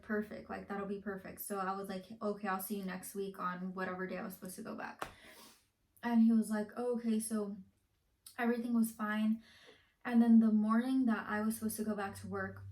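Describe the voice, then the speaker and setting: A woman's voice: medium pitch, a little mellow. Rambling young woman, echoey room. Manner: rambling, heavy use of "like". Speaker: vlogger. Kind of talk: casual storytime.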